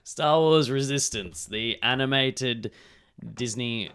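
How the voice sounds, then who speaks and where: A young man co-hosting a podcast, blunt and sweary in casual chat, his voice a little hoarse. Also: medium pitch, slow pace, fairly bright tone. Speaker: podcast co-host.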